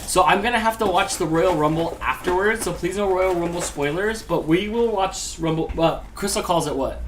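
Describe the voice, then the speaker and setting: A man's voice: sits high, normal speed, a bit bright, slight background noise. A man co-hosting a baking livestream, rambling and joking in loose banter full of fillers. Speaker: co-host of a baking show.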